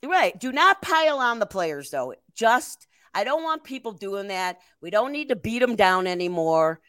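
A woman's voice: medium pitch, normal speed, no echo. An older woman co-hosting a casual chat show, telling a story with lots of laughter. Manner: animated storyteller, laughs often. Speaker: podcast co-host.

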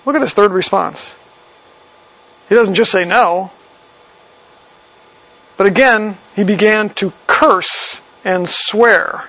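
Man, preacher, sermon, high gravelly voice, conversational, reads and explains verses, dull lo-fi recording. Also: slow pace, pauses often, pushed and bright.

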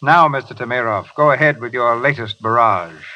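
A man's voice: medium pitch, normal speed. A man hosting a 1930s radio show, formal with dry quips. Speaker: host. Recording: dull 1930s radio broadcast, audience noise.

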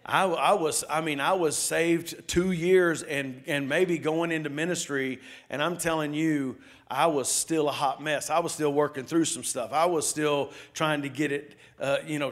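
With a slightly high voice, a middle-aged pastor preaches, weaving in stories and questions for the congregation. His sermon moves between loud outbursts and hushed asides.

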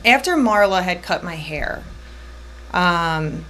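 Podcast guest, woman, thirties, low-ish voice, rambling personal storytelling, faint noise floor. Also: animated, a bit bright. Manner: tells her story in quick, looping bursts, voicing others in her quotes.

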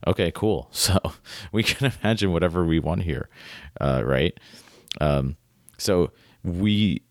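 On his podcast, a low-voiced man talks through a short story at a measured pace, reading out passages with rambling enthusiasm. Fillers abound and he frequently asks "right?" in this casual literary chat, recorded in clean studio sound with no room sound.

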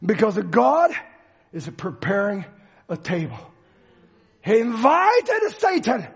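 High-pitched dramatic male preacher. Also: huge pitch swings, slow pace, creaky, long pauses, husky, highs cut off. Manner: dramatic, swings from shouting to hushed. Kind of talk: sermon.

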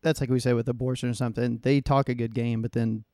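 A man's voice: medium pitch, flat delivery, fast talker, dark tone, no room sound, studio quality. A man co-hosting a podcast, talking in a blunt, sarcastic way and swearing often. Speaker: podcast co-host. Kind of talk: casual chat.

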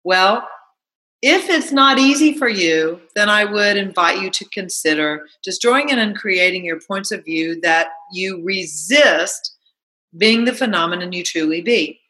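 A bright, clear-toned woman talks straight to her listeners in a motivational monologue. She keeps things chatty and animated, piling up rhetorical questions and acting out little stories. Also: mid-range voice, unhurried, rough recording. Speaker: self-help talk host.

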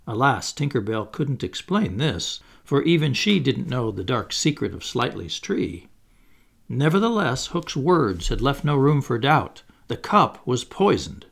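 A man narrating a children's storybook with an expressive, dramatic delivery that slows for suspense. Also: medium pitch. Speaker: audiobook reader.

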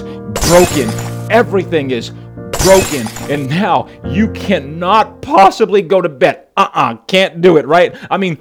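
A man with a fairly high voice tells a playful story as a sermon, talking straight to his listeners. Clear music plays behind him throughout. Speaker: preacher. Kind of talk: conversational sermon.

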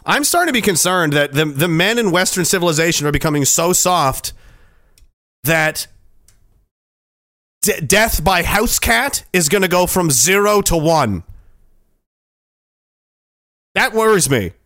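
A man's voice: sits high, animated, moderate pace, pushed and bright, no room sound, clean studio sound. A man hosting a casual commentary show, talking in a sarcastic, profane way into a headset mic.

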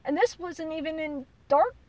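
A woman, hosting a podcast and telling a story in a chatty, animated way. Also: high-pitched, moderate pace, no echo, recorded from a distance, poor audio. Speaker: podcast host. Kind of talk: casual storytelling.

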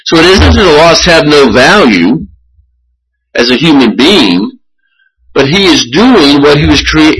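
A male pastor delivers a sermon in an earnest, measured way, often circling back to restart a phrase. His voice sits a little high and carries a strongly husky, breathy grain. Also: fairly bright tone, poor audio.

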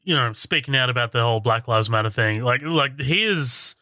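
A man's voice: mid-range voice, brisk, pushed and bright, dry recording, studio quality. A man co-hosting a casual podcast, recapping a movie's scenes in a laid-back, profane way. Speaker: podcast co-host.

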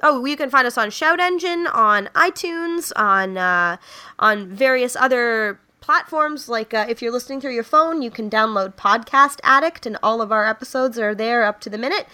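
Telling jokes on a casual comedy podcast, a young female host laughs often and uses lots of fillers. She sits on the high side with lively intonation and a moderate pace, her tone sharp yet smooth.

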